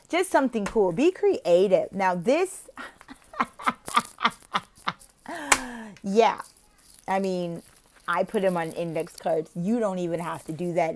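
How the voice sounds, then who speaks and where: A woman sharing classroom tips in a casual vlog, playful and quick to laugh, acting out silly classroom chants. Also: mid-range voice. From lives in Oklahoma, not from there. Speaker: online teacher and video host.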